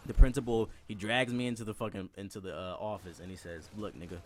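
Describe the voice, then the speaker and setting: A man's voice: lowish voice, fast, a little hiss or hum. A young man telling a comedic, profane story from his school days, laughing often and acting out other people's voices.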